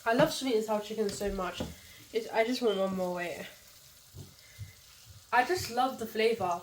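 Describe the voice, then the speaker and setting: A woman's voice: mid-range voice, measured pace, slight background noise, rough recording. A young woman with a cold, chatting casually through a home cooking vlog, talking in scattered bursts with fillers and self-corrections. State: has a cold. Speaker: cooking vlogger. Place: home kitchen with frying food.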